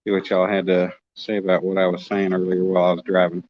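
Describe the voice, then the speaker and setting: Deep-voiced man chatting on a livestream. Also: completely flat delivery, fast, no room sound, highs cut off. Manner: joking, teasing, chatty. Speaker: livestreaming fishing vlogger. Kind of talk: casual live-stream chat reading comments. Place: outdoors at a lake bank.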